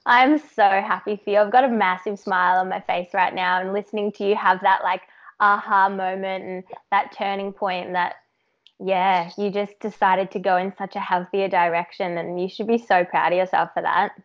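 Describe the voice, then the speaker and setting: A woman's voice: mid-range voice, little pitch movement, normal speed, muffled recording. A woman hosting a podcast, responding to her guest in an encouraging, supportive way. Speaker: podcast host. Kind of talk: supportive interview chat.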